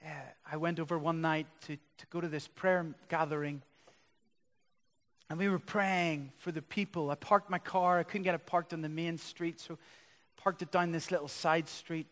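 A man preaching a sermon as a pastor, building to loud, impassioned passages. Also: fairly high pitch, fairly even intonation, moderate pace. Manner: impassioned preaching that swells louder. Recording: long reverb of a large hall.

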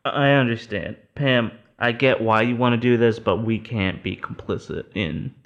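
A man's voice: medium pitch, normal speed, a bit bright, highs cut off. A man in an improv comedy sketch, asking earnest, probing questions.

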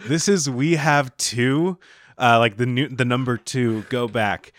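A man co-hosting a podcast, rambling through joking pitches in casual chat. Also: a little slow, fairly bright tone, no echo. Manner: rambling, riffing on mock show ideas. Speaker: podcast co-host.

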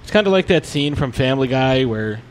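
A man's voice: mid-range voice, lively intonation, a little fast. Man, casual podcast co-host, rambling storyteller, faint noise floor. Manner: rambling, with many restarts and fillers.

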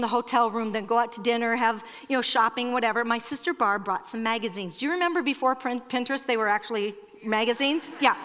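Brief: lively Iowa woman, warmly chatty speaker at a ladies' church event, a bit high, bright tone, hall reverb. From Iowa, USA. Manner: lively, chatty, addresses the audience directly. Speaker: speaker at a women's church Christmas gathering. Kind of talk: storytelling talk and prayer to an audience. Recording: long reverb in a large hall.

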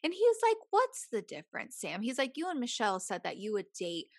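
A woman's voice: on the high side, wildly swooping pitch, brisk, no room sound, studio quality. A woman co-hosting a podcast, chatting casually with playful, jokey reactions. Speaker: podcast co-host. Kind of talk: casual chat.

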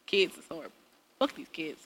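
A woman's voice: low-pitched, sing-song, brisk, a bit bright, slight background noise. A woman in casual chat, telling blunt, profane stories about her son and laughing often as she acts out quotes. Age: adult, parent of a young son.

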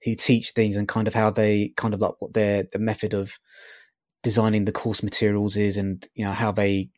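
A man's voice: lowish voice, level tone, moderate pace, dry recording, studio quality. A man interviewing a guest in a casual way, hesitant and full of fillers.

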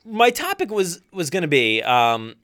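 A man's voice: on the high side, wildly swooping pitch, measured pace, fairly bright tone. A young man co-hosting a casual podcast chat, swearing and rambling while he plays a game. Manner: laughing, swearing, loose rambling. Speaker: podcast co-host.

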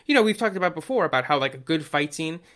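A man co-hosting a podcast, chatting casually and rambling excitedly with many fillers and restarts. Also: a little high, quick pace. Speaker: podcast co-host. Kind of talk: casual chat.

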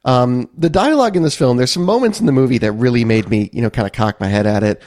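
A man talking through a movie with friends in a wry, rambling way. His pitch swings widely as he mocks scenes, and the sound is dry and close with no room echo. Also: animated, fast talker, a little mellow. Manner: wry, rambling, laughs at the film. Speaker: podcast co-host. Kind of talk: casual movie review chat.

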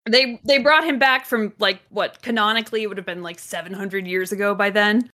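A woman's voice: mid-range voice, fairly quick, bright, forceful tone. A woman co-hosting a podcast, talking casually in an emphatic, opinionated way.

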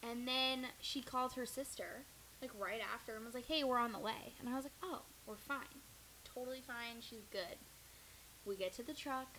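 A woman's voice: fairly high pitch, normal speed, slight background noise, rough recording. A young woman co-hosting a podcast, telling a story expressively, swearing and acting out what people said. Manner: expressive, profane, acting out quotes. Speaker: podcast co-host. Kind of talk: casual storytelling chat.

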